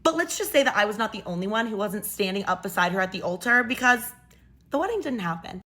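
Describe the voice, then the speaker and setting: A woman's voice: medium pitch, quick pace. Young woman, casual storyteller, chatty and sassy. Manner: chatty, animated, sassy asides.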